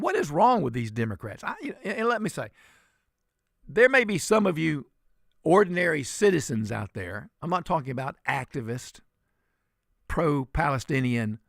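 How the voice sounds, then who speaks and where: A man's voice: a little high, vocal fry, a bit bright, no room sound, studio quality. A man, filling in as a talk radio host and delivering fiery, indignant commentary.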